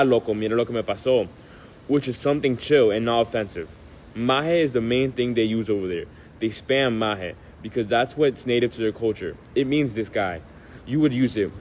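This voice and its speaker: A young man from the United States reading a class presentation, steady, often trailing off quieter at the ends of phrases. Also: mid-range voice, low-quality recording. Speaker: student presenter.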